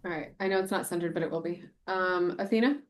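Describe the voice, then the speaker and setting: A woman chairing a town committee meeting, informal and brisk, thinking aloud as she edits a document. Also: on the low side. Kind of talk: casual meeting talk.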